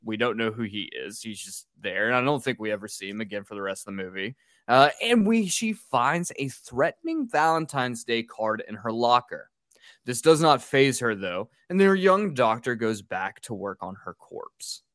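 A man's voice: medium pitch, moderate pace, no echo, studio quality. A man hosting a podcast, recapping a horror film with sarcastic, profane asides. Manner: sarcastic, profane, animated quoting. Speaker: podcast host.

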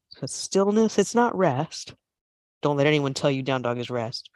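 A yoga instructor calling out a class with casual, joking asides and an occasional swear, often dropping to hushed, near-whispered breath cues. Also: mid-range voice, lively intonation, normal speed, no echo.

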